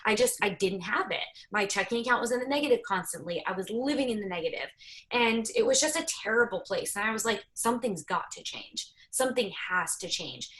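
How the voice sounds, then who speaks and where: A woman's voice: mid-range voice, fairly bright tone. Woman in her 30s, chatty and candid, tells her story with lots of laughs. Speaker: network marketing team leader. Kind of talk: casual team call story.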